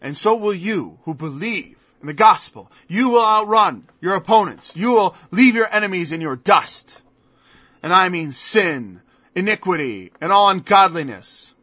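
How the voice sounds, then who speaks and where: Male preacher, high bright voice, emphatic and mocking sermon delivery, dry dull lo-fi recording. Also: lively intonation, a little slow, no echo. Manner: emphatic, mocking rhetorical questions.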